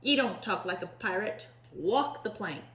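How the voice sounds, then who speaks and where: A woman's voice: medium pitch, expressive, unhurried, fairly bright tone, echoey room, a little hiss or hum. A woman voicing an impatient, bossy male pirate captain who bellows in pirate slang. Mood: gruff.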